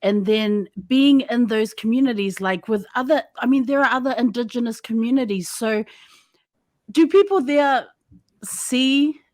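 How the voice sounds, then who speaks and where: A woman hosting a podcast interview over a call, asking halting, rambling questions. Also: fairly high pitch, a little mellow, dry recording. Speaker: podcast host. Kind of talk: casual interview. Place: remote call.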